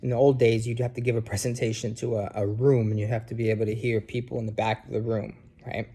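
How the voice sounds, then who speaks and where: A man's voice: medium pitch, flat delivery, quick pace, mellow, slightly rough. A man from New Jersey with a New Jersey accent, giving a casual recorded lecture to students from his couch at home, often checking in with "okay?" and filler "um"s. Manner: conversational, checks in with frequent "okay?" and "um". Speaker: instructor. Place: living room at home, sitting on a couch.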